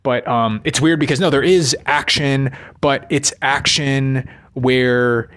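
A man's voice: mid-range voice, steady tone, slow, a bit bright. A man in a rambling, casual monologue about movies, swearing freely and ending his thoughts with a questioning "right?". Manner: rambling, profane, constant "right?" tags.

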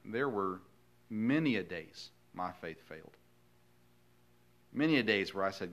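A male pastor preaching a sermon in a folksy, earnest storytelling way, swinging from hushed lines to loud emphasis. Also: low voice, expressive, measured pace, pauses often, dull audio.

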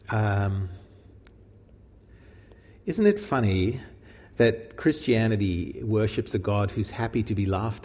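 A male preacher gives a relaxed, chatty Bible teaching and throws questions out to his listeners. His delivery swings widely in pitch, and his voice trails off into a long hall reverb. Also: vocal fry, husky. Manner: animated, informal, asks the audience questions. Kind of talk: conversational Bible teaching sermon.

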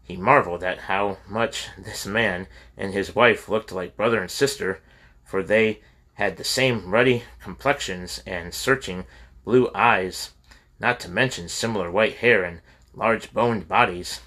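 Male audiobook narrator, steady reading; low-pitched with a bright edge. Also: unhurried. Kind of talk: scripted narration.

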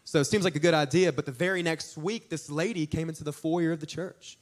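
A young man preaching a sermon, telling stories in an animated, joking way with asides to the congregation. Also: fairly high pitch, brisk, few pauses. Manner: animated, jokey storytelling with audience asides. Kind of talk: storytelling sermon.

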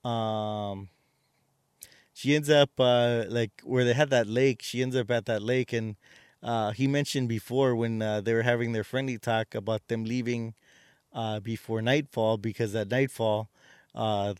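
Male podcast co-host, rambling casual recap, smooth resonant tone, dry close sound. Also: mid-range voice, no echo. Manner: rambling retelling with many fillers and restarts. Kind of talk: casual movie recap chat.

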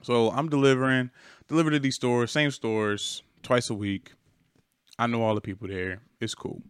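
A man's voice: medium pitch, steady tone, normal speed, clear, resonant tone, dry recording, clean studio sound. A young man casually telling a long work story on a podcast, laid-back and slangy with plenty of swearing. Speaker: podcast co-host.

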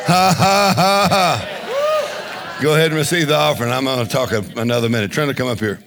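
A man preaching a charismatic sermon, shouting, laughing and leading the congregation in call-and-response. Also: medium pitch, fairly quick, creaky. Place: church service. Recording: crowd and background noise.

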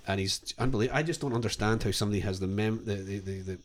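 A man's voice: fairly low pitch, racing, a little hiss or hum. A man co-hosting a podcast in casual chat, rambling with restarts and laughing often. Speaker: podcast co-host.

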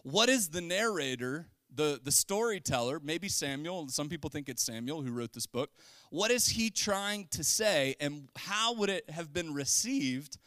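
A man's voice: a little high, animated, a little slow, pushed and bright, no echo. Joking, conversational male pastor preaching. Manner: conversational, joking, with bursts of emphasis. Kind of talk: casual sermon. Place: church sanctuary.

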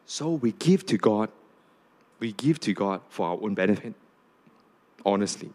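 A man preaching a sermon to a congregation, often asking "okay?" and "right?", and rising high when he reads scripture aloud. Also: expressive, a little slow, darkish tone. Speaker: pastor.

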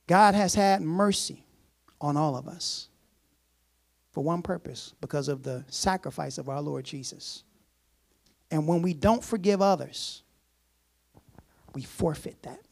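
A man preaching a sermon in a casual, conversational way, repeating phrases and chuckling softly. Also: a little high, unhurried, vocal fry, long pauses.

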